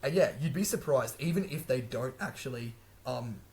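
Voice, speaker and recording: A man's voice: mid-range voice, animated, moderate pace, darkish tone. A young man hosting a language-learning video, talking casually to camera, chatty, laughing often and correcting himself as he goes.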